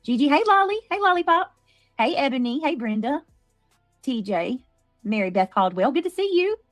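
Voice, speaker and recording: Bubbly livestream host, higher voice. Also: female voice, normal speed, no echo, studio quality, faint music behind. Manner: effusive, greets viewers by name, squeals with excitement. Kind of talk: casual livestream chat.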